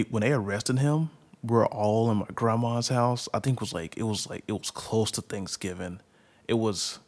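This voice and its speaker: A man in his twenties from Illinois telling a rambling personal story, full of fillers and laughter. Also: on the low side. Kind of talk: casual personal anecdote.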